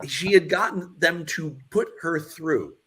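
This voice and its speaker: A man's voice: fairly high pitch, measured pace, sharp tone, breathy edge. A man around sixty, a guest filmmaker, telling anecdotes in a casual interview and acting out the voices of the people in them.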